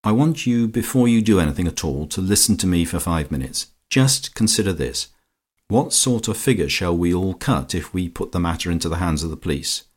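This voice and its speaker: A man's voice: sits low, expressive, fairly quick, slightly rough. A man voicing a grand village society queen who speaks in a persuasive, imperious way.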